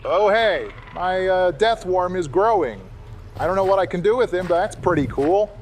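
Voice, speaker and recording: A man's voice: high-pitched, expressive, normal speed, slight background noise. Man doing an exasperated politician voice. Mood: casual. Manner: sarcastic, exasperated, swearing. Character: exasperated male politician impression, easily irritated. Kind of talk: comedic gameplay voice impression.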